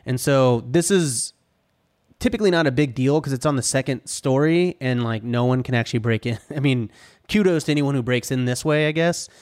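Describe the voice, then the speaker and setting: A man chatting casually on a podcast about running vacation rentals, animated and full of "like" and "dude", acting out what people said. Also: medium pitch, brisk. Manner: animated, says dude and like a lot, acts out quotes. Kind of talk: casual chat, storytelling.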